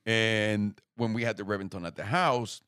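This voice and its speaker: A young man telling a story in casual chat, lively and swearing freely, acting out the other people's lines. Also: lowish voice, moderate pace, smooth, no echo, studio quality. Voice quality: animated storyteller, swears freely, acts out quoted voices.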